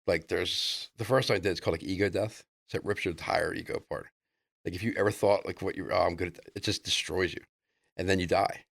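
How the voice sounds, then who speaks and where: A man with a deep, gravelly voice rattles off a loose, excitable story as a podcast guest. His casual chat spills over with filler words, and the sound is dry and close. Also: fast talker, dry recording. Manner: loose, excitable, full of "like" and "dude".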